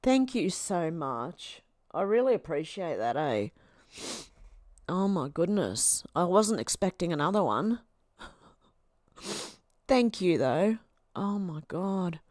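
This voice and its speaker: A woman's voice: on the low side, big pitch swings, slow pace, long pauses, darkish tone, dry recording, studio quality. An Australian woman hosting a casual livestream, reading out viewer comments in a chatty, affectionate way and laughing often. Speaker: livestream host.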